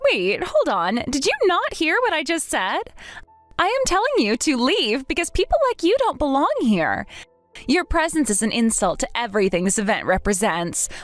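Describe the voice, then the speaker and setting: Woman doing a haughty, entitled bride, condescending, bouncy high-ish delivery. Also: big pitch swings, moderate pace, dry recording, soft background music. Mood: scornful. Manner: mocking, haughty. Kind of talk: dramatized story voice acting.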